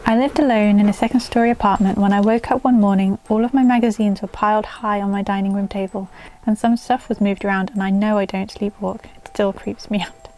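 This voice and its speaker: A woman's voice: mid-range voice, fairly even intonation, fairly quick, warm tone. A woman casually reading viewer ghost stories aloud at home, breaking off to chat with her dog in a sing-song voice. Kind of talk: casual storytelling vlog.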